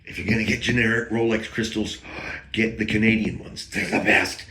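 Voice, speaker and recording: Man, low voice, rambling wry storyteller, echoey room. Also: fairly even intonation, moderate pace, sharp tone. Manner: rambling, with wry self-aware digressions. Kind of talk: casual anecdote telling.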